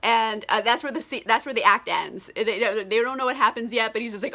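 A tipsy young woman runs through a story in a casual, foul-mouthed vlog, giggling and gushing with "like" in every line. Her voice sits a bit high and sounds bright and crisp. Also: fairly quick, hardly any pauses. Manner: giggly, crude, gushing, heavy on "like". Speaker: book vlogger. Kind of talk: casual, profane book summary.

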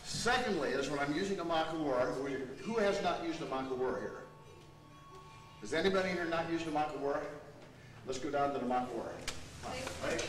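Brisk and on the high side, a man demonstrates technique and coaches students during a martial arts seminar. The recording comes from a camera mic at a distance in the training hall, echoey and noisy.

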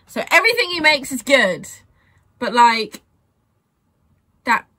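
Gushing, excitable young woman reacting. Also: high-pitched, slow. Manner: gushing, excitable, swearing freely. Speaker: reaction video creator. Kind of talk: casual reaction commentary.

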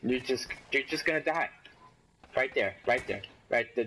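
A man giving casual gameplay commentary, excitable and trash-talking, yelling at enemies and cheering himself on. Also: medium pitch, moderate pace, slight background noise. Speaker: gaming commentator.

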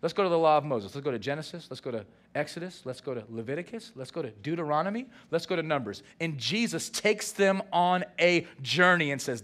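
High-voiced animated preacher man. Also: a little fast. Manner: animated preaching with acted-out dialogue. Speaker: senior pastor. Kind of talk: sermon.

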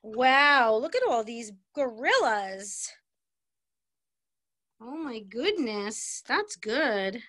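A woman leading a children's dance class over a video call, slow and cheerful. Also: on the high side, animated, fairly bright tone, dry recording, studio quality. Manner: cheerful, slow and sing-song with small children. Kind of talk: online kids' dance class.

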